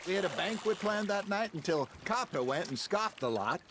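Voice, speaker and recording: A folksy older outlaw storyteller. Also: male voice, sits high, expressive, moderate pace. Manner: folksy, wry yarn-spinning. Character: older man, genial seasoned outlaw storyteller. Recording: game audio with loud background noise.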